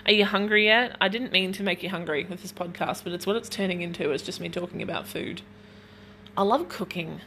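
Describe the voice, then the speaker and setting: A woman's voice: lowish voice, fast talker, few pauses, pushed and bright, a little hiss or hum. A young woman hosting a casual solo podcast from her kitchen at home, chatting in a rambling way full of "like". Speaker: podcast host.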